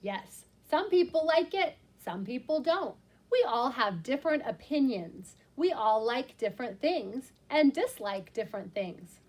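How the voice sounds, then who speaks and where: A woman's voice: high voice, big pitch swings, unhurried, darkish tone. A woman teacher reading a picture book aloud to young children, explaining words simply and with expression.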